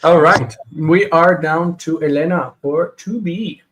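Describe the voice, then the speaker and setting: A man leading a live online Hebrew grammar class, explaining patiently and reading Hebrew aloud quickly. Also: on the high side, fairly bright tone, a little hiss or hum, rough recording.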